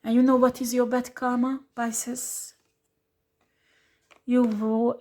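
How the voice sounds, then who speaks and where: A woman with a fairly high voice delivers a tarot reading as a blunt scolding. She swears freely and hammers home her points with repeated rhetorical questions. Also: flat delivery, slow pace, long pauses, darkish tone. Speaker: tarot reader.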